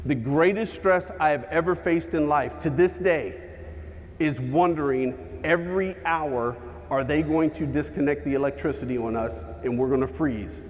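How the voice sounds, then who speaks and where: Man telling a story in a big hall. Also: a little high. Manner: dramatic storytelling with pauses and shifts in pace. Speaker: keynote speaker. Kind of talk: motivational keynote storytelling. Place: large hall with an audience.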